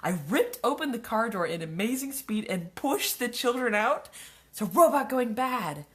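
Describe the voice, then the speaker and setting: A woman's voice: on the high side, animated, normal speed, a bit bright. A woman reading her own childhood story aloud, breaking off for wry, sarcastic asides. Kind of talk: live reading with mocking commentary.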